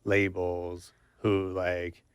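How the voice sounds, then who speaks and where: A man's voice: low voice, monotone, very slow, clear, resonant tone, dry recording, studio quality. A man hosting a casual interview, asking questions in an agreeable, encouraging way. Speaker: podcast host, interviewer.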